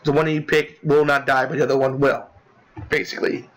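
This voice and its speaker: A man casually recapping a game he played, rambling with lots of filler words and restarts, swearing as he gets excited. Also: mid-range voice, fairly quick, poor audio. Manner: profane, excitable. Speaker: gaming commentator.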